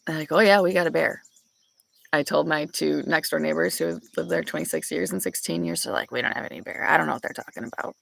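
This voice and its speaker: Young woman, gravelly and husky, chatty storyteller, porch vlog with birds outside. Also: sits low, fast talker, fairly bright tone. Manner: chatty, storytelling, laughs often. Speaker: vlogger. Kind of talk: casual chat with live viewers. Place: back porch outdoors.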